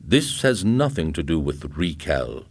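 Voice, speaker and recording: A man reading aloud and voicing a calm, menacing police officer who speaks coolly and matter-of-factly. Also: extremely low pitch, measured pace, voice pushed down, exaggerated voice.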